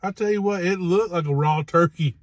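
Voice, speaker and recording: A man's voice: sits high, brisk, no room sound. A man chatting casually with his partner over a meal, joking in a laid-back, dry way. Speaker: co-host, partner. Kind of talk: casual chat while eating.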